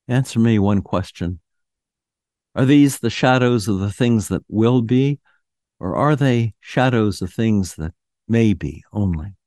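A man's voice: fairly low pitch, animated, measured pace, a little mellow, dry recording. A man voicing a terrified old miser who pleads with a ghost in a quavering, raised voice, in a dry audio drama reading. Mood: fearful.

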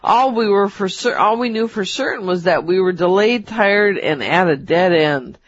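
A woman co-hosting a talk show, reading a personal story aloud in a measured storytelling manner. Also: medium pitch, expressive, a little hiss or hum. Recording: dull, dry.

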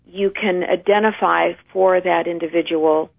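Over a tinny phone line, a woman guest gives a conversational, earnest and emphatic explanation of how trauma passes down through generations, acting out inner voices. She speaks unhurriedly in a fairly low, steady, gravelly voice.

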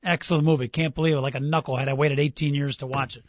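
Hosting a laid-back sports talk radio program, this man speaks fast in a steady, mid-range voice with no echo. He cheerfully quizzes his co-host on movie lines, reads them out, and laughs readily, all in a dull, dry studio.

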